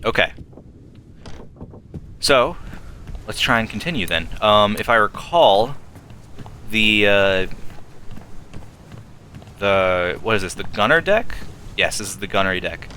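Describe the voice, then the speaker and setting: A man's voice: fairly low pitch, expressive, slow pace, long pauses, pushed and bright, slight background noise. A man playing a game and thinking aloud in casual commentary, working through clues step by step. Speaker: let's play host. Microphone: desktop streaming mic with filters.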